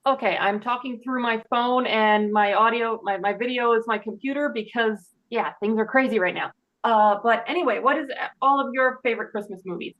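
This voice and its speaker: A woman's voice: a little high, a little fast. Chatty woman over dull phone audio. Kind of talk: casual chat.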